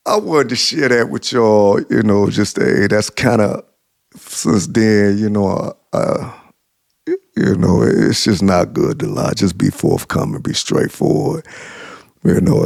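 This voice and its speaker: A man's voice: lowish voice, a little slow, gravelly, darkish tone, dry recording, studio quality. A man vlogger telling a personal story to the camera, chuckling through his words and repeating himself for emphasis.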